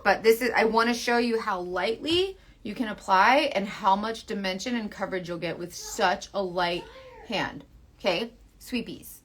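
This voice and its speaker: A woman in her thirties talking through a makeup tutorial in a chatty, playful, coaxing way, often dropping to a soft near-whisper. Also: mid-range voice, moderate pace, slight background noise. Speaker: makeup seller.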